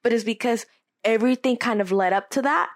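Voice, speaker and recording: A young woman hosting a casual podcast, reacting bluntly and frankly to her guest's story. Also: a little high. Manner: reactive, blunt, quick opinions.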